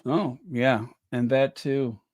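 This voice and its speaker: A man's voice: medium pitch, fairly even intonation, takes it slowly, a little mellow, no room sound, clean studio sound. A man hosting a livestream, reading out viewer comments and giving emphatic commentary that repeats key phrases. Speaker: livestream host.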